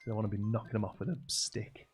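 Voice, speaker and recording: A man doing a greedy, loud bloke. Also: lowish voice, fast talker, faint music behind, lightly acted. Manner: loud, insistent, excitable. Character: greedy brash man demanding endless money.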